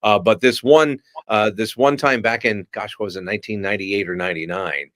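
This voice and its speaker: A middle-aged man, a voice actor, telling lively stories in an interview and slipping into different voices. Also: lowish voice, a little fast, no echo, clean studio sound. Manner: animated storyteller who slips into voices. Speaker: voice actor guest. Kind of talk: storytelling in a podcast interview.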